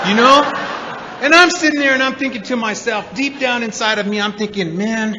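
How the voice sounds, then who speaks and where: A man speaking at a recovery meeting, telling his story to an audience in an animated way, acting out the voices of the people in it. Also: extremely high pitch, a little fast, background noise. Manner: animated storyteller, acts out quotes, many repeated 'and's. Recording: dull recording in a hall with reverb.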